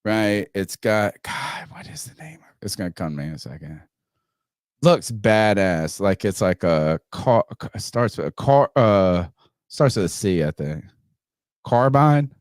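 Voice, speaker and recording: A podcast host with a lowish, slightly slow voice tells a story casually, swearing a lot and loudly acting out what people said. The recording is dry and studio quality.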